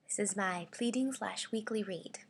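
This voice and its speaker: A woman voice actor introducing her audition reads, speaking slowly and breathily. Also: medium pitch. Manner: slow, breathy and bright. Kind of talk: audition demo reel.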